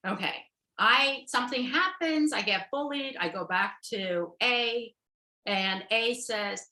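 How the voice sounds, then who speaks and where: A woman's voice: fairly high pitch, lively intonation, slow pace, pushed and bright. An American woman therapist giving a workshop lecture over a video call. She checks in with her listeners constantly, asking "okay?" and "right?". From United States. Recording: roomy echo.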